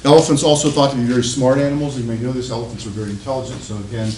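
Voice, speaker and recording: A man's voice: medium pitch, racing. Chatty male lecturer in an echoey classroom. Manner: animated storytelling with a chatty tone. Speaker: university lecturer. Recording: echoey classroom with faint noise.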